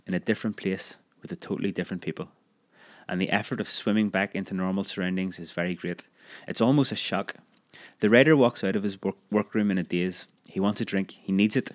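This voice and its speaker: Deep-voiced man narrating a memoir.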